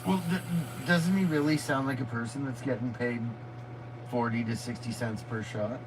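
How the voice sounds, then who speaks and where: A man's voice: mid-range voice, normal speed, a little hiss or hum, low-quality recording. A man chiming in on a casual livestream from a motorhome, with folksy, colloquial talk. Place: inside a motorhome.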